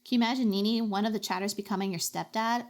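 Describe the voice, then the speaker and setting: A woman streamer chatting casually with her chat while drawing, with dramatic, expressive reactions. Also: medium pitch, fast talker.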